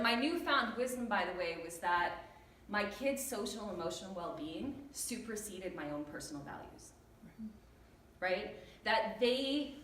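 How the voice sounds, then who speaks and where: A woman with a fairly high voice tells comic stories to an audience in a lively, animated way, slipping into the voices of her family. She is picked up from a distance in a roomy, echoing hall. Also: a little hiss or hum. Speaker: storyteller on stage. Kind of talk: humorous personal storytelling talk. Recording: echoey hall, recorded from far off.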